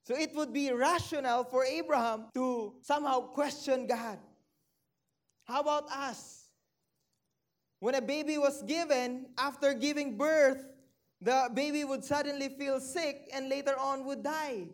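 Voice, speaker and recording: A preacher giving a sermon that mixes scripture reading with direct questions to the congregation, slowing down to stretch key phrases, dropping low and quiet on sad points and lifting on excited ones.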